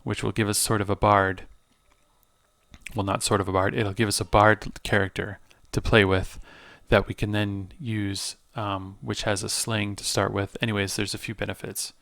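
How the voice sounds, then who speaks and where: Let's play guy reading the game text out, low gravelly voice, kinda flat, stops to hunt for words. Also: normal speed, dry recording. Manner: hesitant, searching for words while explaining.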